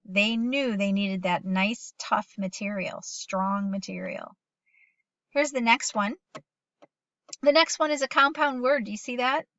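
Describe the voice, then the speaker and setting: A woman's voice: fairly high pitch, a bit bright, no room sound, dull audio. Patient woman teaching young children phonics. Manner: patient, encouraging, reads sentences slowly aloud.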